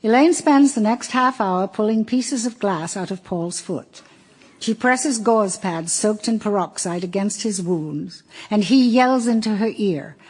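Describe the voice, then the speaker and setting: A woman narrating an audiobook in a wry, measured storytelling voice. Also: mid-range voice, darkish tone, slightly rough. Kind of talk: audiobook reading.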